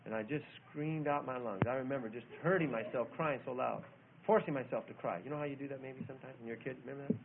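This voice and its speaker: A man preaching a sermon, telling a childhood story and then reading scripture with loud emphasis. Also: medium pitch, fast talker, very noisy. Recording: tinny phone-like old recording.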